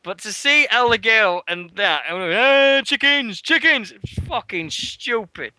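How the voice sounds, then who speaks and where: A British man hosting a wrestling radio show, telling a rambling, swear-filled anecdote and shouting out the quoted lines. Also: sits high, expressive, normal speed, no echo. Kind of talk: casual storytelling chat.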